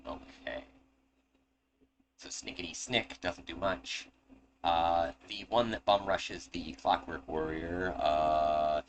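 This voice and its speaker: Low-pitched male game master, casual joking delivery, noisy home recording. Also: measured pace. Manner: casual, swearing, laughing asides. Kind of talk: narrating a tabletop game.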